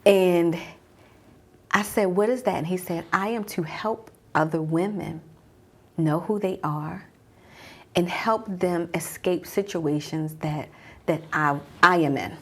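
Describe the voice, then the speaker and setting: A woman around forty who works as a mom coach speaks slowly in a husky voice on the low side. She tells a personal story as a guided journey, dropping to a hush at tense moments.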